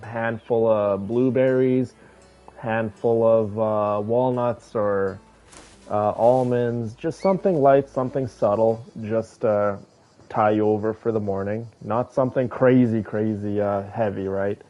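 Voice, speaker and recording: A man streaming a game, chatting casually and rambling to his viewers in a relaxed way. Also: fairly low pitch, measured pace, lo-fi sound. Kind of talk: casual chat with viewers while gaming.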